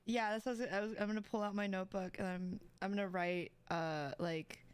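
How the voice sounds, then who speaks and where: A woman's voice: mid-range voice, fairly even intonation, brisk, clean tone, no echo. A woman playing a tabletop game who chats casually and narrates her actions, with many fillers. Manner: chatty, filler-heavy, describes her actions. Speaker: player. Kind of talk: casual tabletop role-play.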